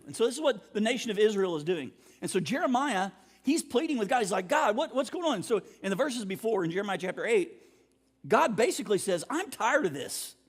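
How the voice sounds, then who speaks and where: A man with a notably high voice preaches a sermon in a relaxed, conversational way, often clearing his throat between thoughts. His voice carries a long reverb that rings out through the church sanctuary. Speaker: pastor.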